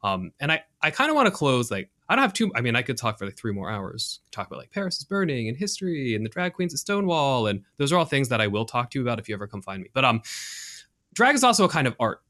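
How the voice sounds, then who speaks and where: Male podcast co-host, bright clear tone, eager and rambling. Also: medium pitch, big pitch swings, quick pace. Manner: enthusiastic, rambling with fillers. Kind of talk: casual chat.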